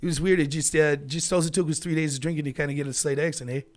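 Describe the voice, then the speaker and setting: A man's voice: on the high side, steady tone, fast. Man, thirties, Pittsburgh accent, livestream host, casual rambling chat, headset mic, slightly raised voice. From Pennsylvania, USA. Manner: rambling, loose, chuckling often. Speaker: livestream talk show host. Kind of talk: casual solo chat with viewers.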